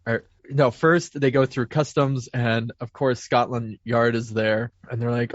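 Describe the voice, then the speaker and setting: A man's voice: mid-range voice, steady tone, measured pace, few pauses, no room sound, highs cut off. Rambling man recapping a film plot. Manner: rambling recap with self-corrections and laughs. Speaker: podcast co-host.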